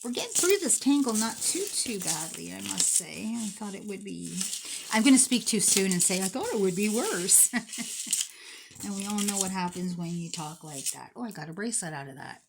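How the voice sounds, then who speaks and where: A woman's voice: mid-range voice, expressive, moderate pace, gravelly, noisy background. A woman in her forties chatting casually as she sorts and prices thrifted jewelry, teasing herself as she goes. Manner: chatty, self-mocking, talks to herself while sorting. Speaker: thrift jewelry unboxing vlogger. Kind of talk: casual unboxing commentary.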